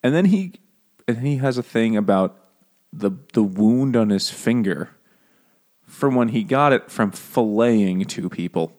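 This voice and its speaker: A man co-hosting a comedic book podcast, talking casually and acting out quoted lines with sudden jumps in his voice. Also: a little slow. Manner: animated, acts out quotes in jumps of pitch. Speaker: podcast co-host.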